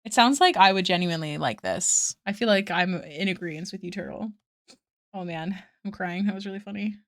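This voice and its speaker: A woman on a home live stream, chatting easily with her viewers and laughing often. Her voice sits at a middling pitch, and she answers the chat as it comes in. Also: fairly quick, a bit bright. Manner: chatty, giggly, reads chat aloud. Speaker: art streamer.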